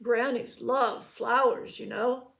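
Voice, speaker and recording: A sly, greedy wolf, put on by a woman reading aloud. He drawls his words slowly and smugly, his voice sitting a little lower than her own bright register, and it is hungry and scheming throughout. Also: fairly even intonation, vocal fry, full character voice.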